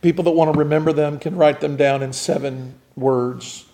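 A man preaching a sermon, building up to loud, rising emphasis and then dropping to a hushed, quiet delivery. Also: a little high, steady tone, normal speed, slight background noise. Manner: dramatic, swelling to loud emphasis and dropping to near whispers.

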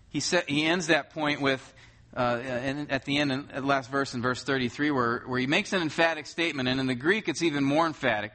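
A man's voice: fairly high pitch, bright, forceful tone. A man preaching a conversational sermon to a congregation, often asking rhetorical questions. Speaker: pastor.

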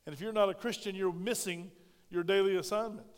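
A pastor preaches with a notably high voice, calling out questions to the congregation. His delivery swings from loud, punchy emphasis down to quiet, close tones. The sound carries a long, ringing reverb from a large sanctuary. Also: steady tone, a little fast, smooth. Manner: conversational, asks the congregation questions. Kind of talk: sermon. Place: church sanctuary.

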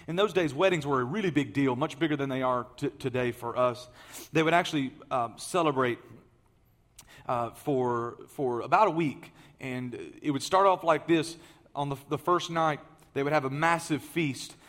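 A man preaching a sermon, telling the story in a lively way that swings from loud emphasis to hushed asides. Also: mid-range voice, normal speed.

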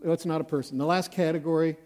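A man's voice: a little high, fairly even intonation, rapid-fire, a little mellow. A male pastor preaching a sermon in a conversational, self-deprecating way, acting out examples as he goes.

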